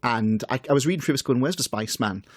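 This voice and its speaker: A man's voice: medium pitch, fast talker, dry recording. A man reads political text aloud on a podcast and adds wry asides. The sound is dry and close to the mic. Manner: wry, reads quotes then comments dryly. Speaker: podcast co-host. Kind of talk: casual chat, reading out manifesto.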